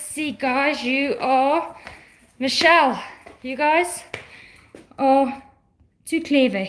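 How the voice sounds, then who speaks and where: A woman's voice: sits high, animated, slow pace, long pauses, slight background noise. Breathless chatty woman. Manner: chatty, talks to viewers while walking around. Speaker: vlogger. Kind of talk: casual live-stream chat.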